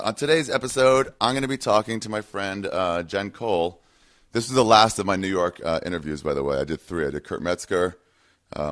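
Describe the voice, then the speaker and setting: A man's voice: low voice, a bit bright. A man hosting his podcast, rambling through a casual intro with many ums and uhs. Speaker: podcast host.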